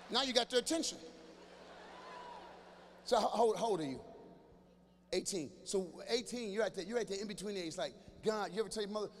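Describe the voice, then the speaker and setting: A man doing stand-up comedy with a high-pitched voice, working the crowd directly and bursting into shouts. He is middle-aged and performs live in a big church venue. The sound rings with a long echo, and there is a faint hum of ambience behind him. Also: fairly quick, pauses often. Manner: animated, addresses the audience directly, breaks into shouts. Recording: echoey hall with faint ambience.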